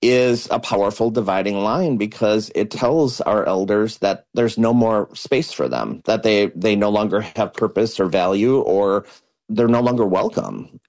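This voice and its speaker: A man's voice: lowish voice, a little slow, a little mellow. A man, a community project organizer giving articulate, earnest answers in an interview. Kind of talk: radio interview.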